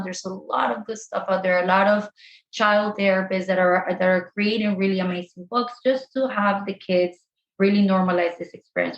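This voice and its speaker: A woman sex therapist giving animated advice as an interview guest, often addressing listeners directly and dropping in Spanish phrases. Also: mid-range voice. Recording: echoey room.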